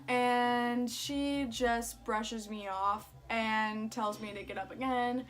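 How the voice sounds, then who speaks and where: A woman's voice: on the high side, steady tone, slow pace, hardly any pauses, fairly bright tone. A woman vlogger telling a story in a casual, chatty way, swearing often and saying "like" a lot.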